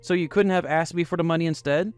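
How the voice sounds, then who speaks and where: A man's voice: a little high, fairly quick, soft background music, voice pushed up, lightly acted. A man voicing a furious young woman who accuses her best friend with bitter scorn. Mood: hurt.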